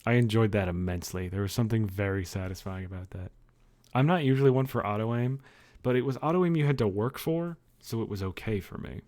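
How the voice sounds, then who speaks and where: Livestreaming from his dimly lit bedroom, a man chats casually with viewers, rambling, joking and swearing. His voice is on the low side, fast and darkish in tone.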